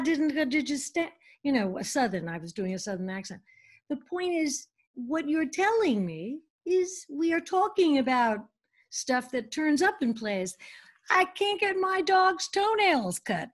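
An older woman talks as an interview guest with a high, bright-pitched voice. She is theatrical and lively, jumping from one thought to the next. She is speaking over a video call. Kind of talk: casual interview chat.

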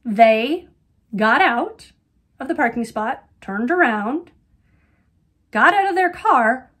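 A woman's voice: high-pitched, animated, a little slow, fairly bright tone, slightly rough. A middle-aged woman hosting a knitting podcast, chatting casually and rambling with lots of ums and wry asides. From Colorado, USA. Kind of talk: casual chat.

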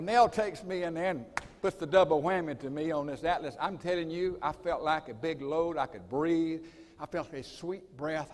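Folksy man in an echoing hall. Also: fairly high pitch. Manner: folksy, dramatic storyteller. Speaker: college president. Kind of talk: assembly speech with personal storytelling. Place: assembly hall. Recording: reverberant hall.

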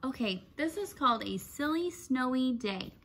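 A woman teacher reading a children's picture book aloud in an expressive storytelling manner. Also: sits high, normal speed, slight background noise.

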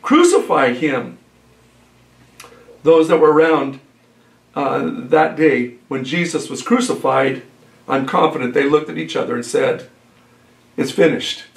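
Male pastor, fairly high voice, earnest measured sermon, echoey church room. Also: steady tone, vocal fry. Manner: earnest, unhurried preaching with fillers and repeated phrases.

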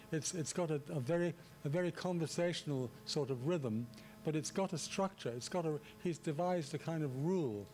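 A man delivering a public lecture in a relaxed, chatty way, often restarting his sentences and adding asides. His voice sits a little higher than usual for a man. A faint hum runs under the recording. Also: moderate pace. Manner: conversational, many restarts and asides. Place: lecture hall.

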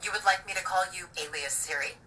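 A synthetic woman's voice of a voice assistant, answering politely in an even, machine-like way, played from a device speaker. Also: on the low side, quick pace, far from the mic. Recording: device speaker heard from off mic, loud noise.

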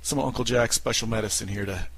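Man doing a low gravelly narrator voice. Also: quick pace, fairly bright tone. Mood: dry. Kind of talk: scripted comic narration.

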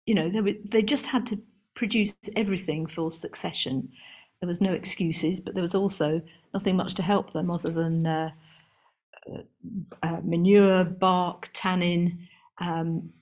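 A woman with a fairly low speaking voice gives a seminar lecture as a garden historian. She talks in a chatty, amused way, with plenty of ums and restarts as she works through long lists. It sounds like a live talk to a room with listeners also joining online. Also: fairly even intonation, a little slow, a little mellow.

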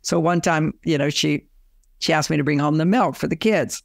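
An older man giving relationship advice through lively personal stories, often acting out both sides of a conversation. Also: a little high, normal speed, gravelly, dry recording, clean studio sound. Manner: animated storyteller, acts out dialogue. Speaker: relationship author and guest.

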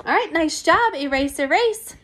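A woman teacher giving a recorded phonics lesson to young children, encouraging and clear. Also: high voice, animated, fairly bright tone. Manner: slow, clear, encouraging classroom pacing.

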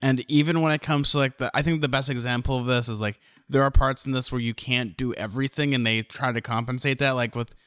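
A man co-hosting a podcast in casual chat, relaxed and chatty, often finishing his co-host's sentences. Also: medium pitch, fast talker, hardly any pauses, clear, resonant tone, dry recording, studio quality. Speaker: podcast co-host.

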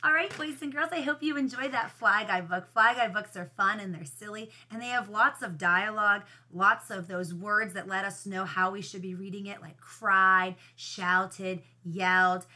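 A woman's voice: medium pitch, moderate pace, hardly any pauses, bright, forceful tone. A woman first grade teacher reading a picture book aloud to children, patiently explaining how to read it with expression.

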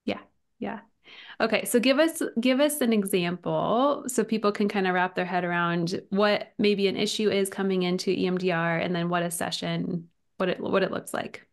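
A woman podcast host with a gravelly, creaky edge to her middle-pitched voice. She keeps the chat casual, with quick affirmations and short questions. She mostly lets her guest do the talking. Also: steady tone.

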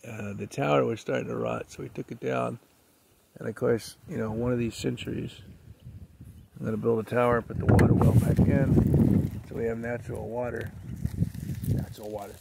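A man's voice: medium pitch, steady tone, moderate pace, gravelly, pauses often. A man telling a casual story while walking his dog on a ranch, chatty and rambling. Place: outdoors on a rural ranch. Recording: noisy outdoor camera recording.

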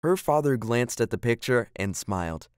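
A man calmly reading a children's storybook aloud. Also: mid-range voice, normal speed, clean tone, no echo, studio quality.

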